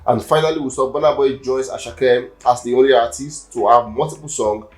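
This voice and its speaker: A man's voice: mid-range voice, steady tone, brisk. A man hosting a music news roundup, chatty and loose, with many ums and restarts. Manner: chatty, with frequent fillers and restarts. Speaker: entertainment news host. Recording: faint background music.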